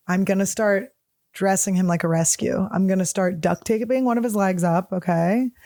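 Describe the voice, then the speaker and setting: A woman hosting a comedy podcast alone, telling crude, animated, self-mocking stories in a casual monologue. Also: medium pitch. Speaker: podcast host.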